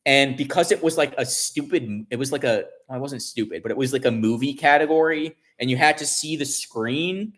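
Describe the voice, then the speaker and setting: A man's voice: mid-range voice, a little fast, few pauses, a bit bright. A man vlogger telling a story in casual chat, rambling with many restarts and fillers, and swearing when upset.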